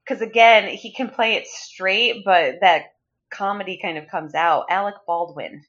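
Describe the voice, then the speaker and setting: A woman's voice: medium pitch, measured pace. An easygoing woman co-host with a mid-range voice chats about movie casting, often letting her sentences trail off. Her audio is slightly muffled and lo-fi. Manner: relaxed, trailing off, brief agreeing replies. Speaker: podcast co-host. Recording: slightly dull lo-fi sound.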